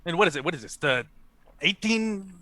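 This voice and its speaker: A man's voice: high voice, animated, a little fast, bright, forceful tone. A man playing a tabletop game, goofy and playful. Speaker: player.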